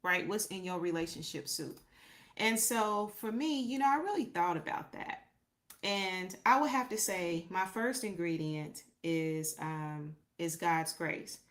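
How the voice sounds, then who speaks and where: A woman's voice: fairly low pitch, a little slow, a bit bright. A woman hosting a podcast livestream, speaking in a loose, reflective way, thinking aloud and reading out viewer comments. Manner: reflective, faith-centered, reads out viewer comments; loose, conversational, repeats herself and thinks aloud. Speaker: podcast host. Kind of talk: casual livestream chat with viewers.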